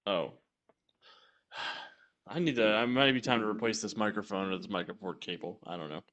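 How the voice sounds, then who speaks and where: A man playing a tabletop game, talking in a halting, flustered way. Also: fairly low pitch, a bit bright. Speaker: player. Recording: dull lo-fi microphone.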